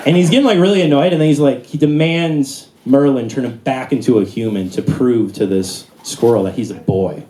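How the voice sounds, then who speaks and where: A man's voice: medium pitch, moderate pace, hardly any pauses, crowd noise. A young man doing a stand-up comedy set on stage, talking in a casual, rambling way with lots of fillers. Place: comedy club stage before a live audience. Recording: live room with audible noise.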